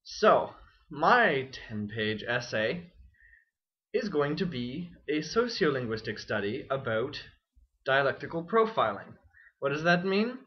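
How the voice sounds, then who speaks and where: A young adult male student vlogs casually, wry, self-deprecating and rambling. His mid-range voice is very animated yet slow, and the webcam audio is dull and lo-fi.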